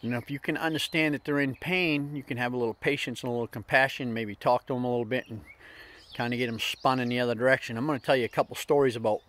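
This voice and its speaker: A man's voice: medium pitch, steady tone, fast talker, fairly bright tone. A middle-aged man hosting a casual motivational vlog, telling stories in a plainspoken, folksy way. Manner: plainspoken storytelling with folksy slips. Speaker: vlog host.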